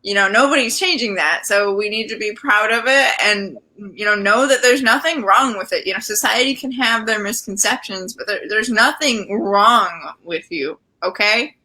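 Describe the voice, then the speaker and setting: A woman's voice: medium pitch, normal speed, hardly any pauses, sharp tone, rough recording. A young woman co-hosting a casual podcast, speaking earnestly and encouragingly with many fillers. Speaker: podcast co-host. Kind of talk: casual chat.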